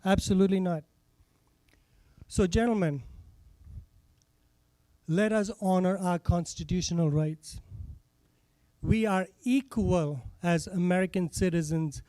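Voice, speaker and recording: A man's voice: high-pitched, a little slow, pauses often, dark tone. A man with a foreign accent giving an impassioned public comment at a town hall meeting, earnest and repeating his phrases. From not from this state.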